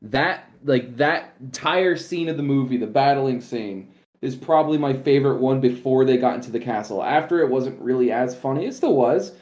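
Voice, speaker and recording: A man co-hosting a podcast in casual chat, animated, swearing and laughing at his own points. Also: mid-range voice, moderate pace, hardly any pauses, reverberant. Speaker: podcast co-host.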